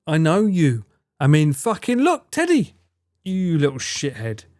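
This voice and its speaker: A man's voice: on the high side, big pitch swings, unhurried, darkish tone, no echo. Young male streamer, raised voice, very dry close sound, playfully indignant, swears a lot. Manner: mock-outraged, teasing, swears freely. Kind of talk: casual live-stream chat.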